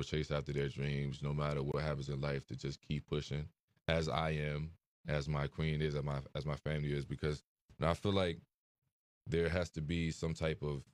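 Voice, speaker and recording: Young guy, super low voice, kinda monotone, lots of ums and likes, dry sound. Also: no echo. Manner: soft-spoken, hesitant, many fillers. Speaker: interview guest. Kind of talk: emotional interview conversation.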